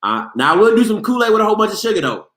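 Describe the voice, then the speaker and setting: With a high-pitched, rapid-fire voice in a roomy space, this Maryland man hosts a sports show and reads his chat aloud. The casual live-stream talk turns into animated, playful arguing with his viewers.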